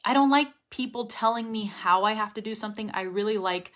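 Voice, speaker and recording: A woman's voice: medium pitch, fairly quick, fairly bright tone. A young woman teaching English pronunciation, chatting upbeat on a live stream while reading viewer comments aloud.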